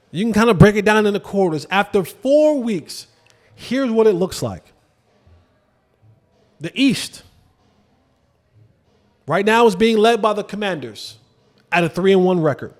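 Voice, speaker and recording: A man hosting a sports show, talking casually about football with lively swings and rhetorical questions to viewers. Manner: animated, drops to low emphatic asides, rhetorical questions to viewers. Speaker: sports podcast host. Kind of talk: casual football commentary to camera.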